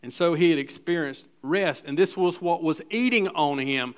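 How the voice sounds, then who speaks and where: Emphatic man preaching, fairly high voice. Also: moderate pace, few pauses, clean tone. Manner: emphatic, rises in volume on key lines, drops low on asides; reads scripture aloud and comments between verses. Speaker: pastor. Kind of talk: sermon.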